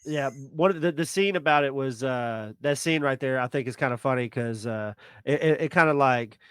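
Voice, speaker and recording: A man co-hosting a podcast, speaking hesitantly with many pauses and restarts. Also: mid-range voice, fairly bright tone, smooth, dry recording, clean studio sound. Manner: hesitant, full of fillers and restarts. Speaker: podcast co-host. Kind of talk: casual podcast chat.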